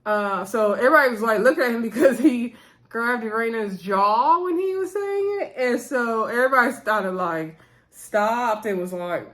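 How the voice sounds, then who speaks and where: A woman's voice: fairly high pitch, animated, normal speed, a bit bright. A woman recapping a reality TV episode in a casual, opinionated chat, talking straight to her viewers in slangy speech.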